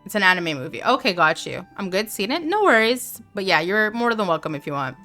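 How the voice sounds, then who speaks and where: A woman chats casually on a live game stream, answering viewers and joking as she plays. Her voice sits at a middle pitch. Soft game music plays faintly behind her. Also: very animated, brisk. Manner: chatty, reads chat aloud, playful asides. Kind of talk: casual live gameplay chat.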